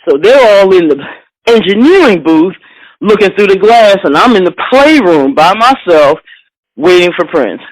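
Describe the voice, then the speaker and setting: A woman from Philadelphia, a bass player and interview guest, telling a lively anecdote. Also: normal speed, no echo, poor audio. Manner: lively anecdote with voiced quotes. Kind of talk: animated storytelling.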